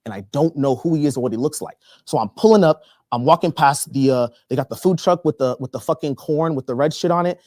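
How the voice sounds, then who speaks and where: A young man from Texas doing stand-up comedy, telling a story in an animated, profane way. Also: on the high side, fast talker, hardly any pauses, no echo, studio quality. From Texas, USA. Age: young adult.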